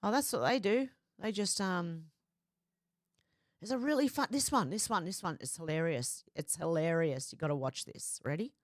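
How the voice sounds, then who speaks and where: An Australian woman hosting a livestream, chatting casually and reading viewer comments aloud in a lively quoting voice. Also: fairly low pitch, normal speed, no echo, clean studio sound. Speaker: livestream host.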